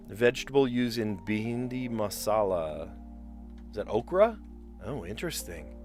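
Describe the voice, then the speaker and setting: Low-voiced man muttering puzzle guesses. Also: expressive, normal speed, faint music behind. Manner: thinks aloud, muttering guesses; chatty with viewers. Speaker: streamer solving word puzzles. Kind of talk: casual live-stream puzzle commentary.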